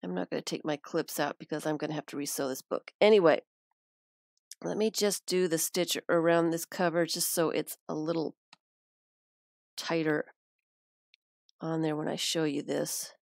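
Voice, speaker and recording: A woman's voice: low voice, fairly even intonation, moderate pace, vocal fry, pauses often, no echo, clean studio sound. A woman on a live stream, showing a craft and thinking aloud as she works.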